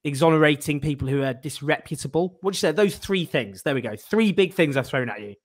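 A man with a Northern English accent puts long, meandering questions to his guests and pokes fun at himself as he goes. His voice sits a touch higher than most men's. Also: animated, fairly quick. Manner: self-deprecating, rambling questions. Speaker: host. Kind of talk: interview questioning.

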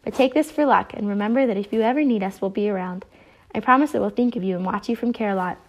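A woman's voice: mid-range voice, quick pace, dull audio, close to an everyday voice. A woman reading a reassuring bear. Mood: encouraging. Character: encouraging bear leader.

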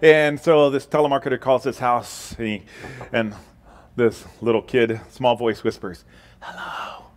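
Casually joking middle-aged pastor. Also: male voice, medium pitch, measured pace. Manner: casual, joking, warm-hearted announcements. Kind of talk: sermon.

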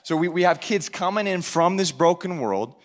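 A young man preaching as a youth pastor in a church service, excited and animated, with frequent restarts. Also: sits high, normal speed. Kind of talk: sermon.

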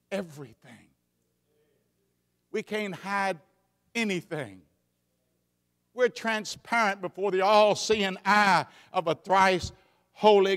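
A man preaching a sermon in a church, swinging between fervent shouts and hushed asides. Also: sits high. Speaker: pastor. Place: church sanctuary. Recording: long hall reverb.

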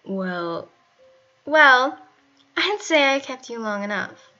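A woman's voice: fairly high pitch, animated, slow pace, pushed and bright, heavily acted. A woman voicing a witty, sarcastic teenage girl who teases in a dry manner, for a storybook reading. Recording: muffled, faint music behind.

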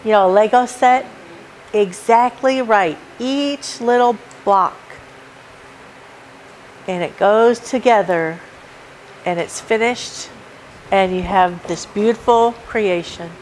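A woman's voice: medium pitch, takes it slowly, pauses often, a little hiss or hum, low-quality recording. A woman preaching a sermon at a church service, emphatic and repeating her key points as she works through a numbered list. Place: church sanctuary.

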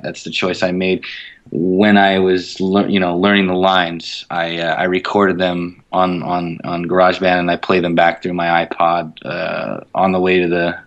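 A man with a fairly low voice talks over his craft in a relaxed, easygoing way. He circles back, restarts his sentences and fills the gaps with "you know" and "um." It sounds like an unscripted conversation. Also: muffled recording. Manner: relaxed, thoughtful, lots of fillers and restarts. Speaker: voice actor guest. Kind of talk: casual interview chat.

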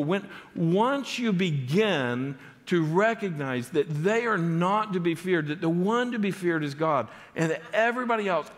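A man preaching a sermon as pastor, emphatic, with his voice rising sharply on key points and dropping low on others. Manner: emphatic preaching with sharp rises and drops in pitch. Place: church sanctuary. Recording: long church hall reverb.

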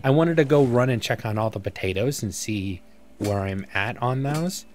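A man's voice: medium pitch, expressive, normal speed, a little mellow. A man giving casual let's-play commentary as a gaming YouTuber, rambling and self-mocking as he thinks aloud.

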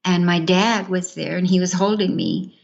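A woman's voice: lowish voice, moderate pace, gravelly, muffled recording. A woman giving an earnest personal testimony in an interview, acting out the words of others as she tells it. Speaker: interview guest.

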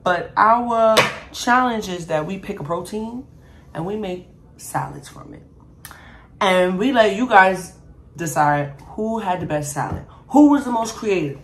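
A woman vlogging as she cooks and eats. She chats straight to viewers as "y'all" and brags playfully about her food while she tastes it. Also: fairly low pitch. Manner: talks while tasting and eating. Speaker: cooking vlogger. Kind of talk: casual cooking and eating vlog.

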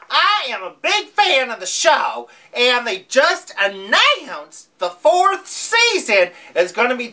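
Женщина изображает хихикающую южанку-ведущую. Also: female voice, fairly high pitch, pushed and bright, exaggerated voice. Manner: giggly, brash, swooping. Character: brash Southern small-town woman reporter, crude. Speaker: comic news host. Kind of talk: comedy sketch news recap.

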